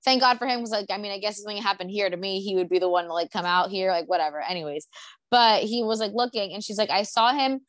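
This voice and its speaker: A woman's voice: medium pitch, quick pace, dry recording. A young woman telling a story in a casual chat at her apartment, rambling and swearing with lots of fillers.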